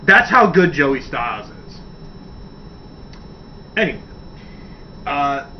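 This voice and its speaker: A man hosting a radio segment, chatting enthusiastically and rambling, swearing casually as he tells a story. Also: on the high side. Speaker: radio show host. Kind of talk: casual wrestling talk segment. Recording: distant dull mic with faint hiss.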